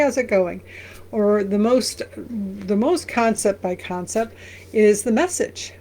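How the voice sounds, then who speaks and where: A woman pastor who reads verses aloud slowly and then explains them in a conversational way. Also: mid-range voice, a little mellow. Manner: briefly sings lines of an old song. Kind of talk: Bible reading and commentary.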